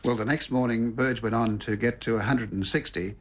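A man presenting and interviewing on a cricket program, asking leading questions in a steady delivery. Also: mid-range voice, brisk. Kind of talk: radio interview.

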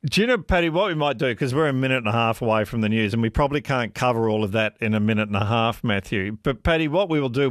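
A man's voice: medium pitch, no room sound, clean studio sound. A man hosting a talk radio show, chatty and addressing his guest by name. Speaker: radio host. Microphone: studio microphone.

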